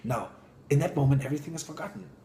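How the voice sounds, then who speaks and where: Animated man giving a motivational talk. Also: fairly high pitch, rapid-fire, vocal fry, slight background noise. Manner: animated, drops into whispers. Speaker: speaker. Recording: roomy echo.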